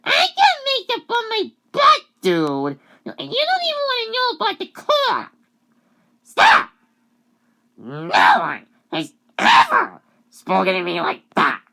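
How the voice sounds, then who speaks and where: A shrill, weepy female cartoon character bursts into a halting, sobbing rant, as a vlogger puts her on. Her voice sits far above the speaker's own low register. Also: sing-song, creaky, clean tone. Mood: tearful outrage.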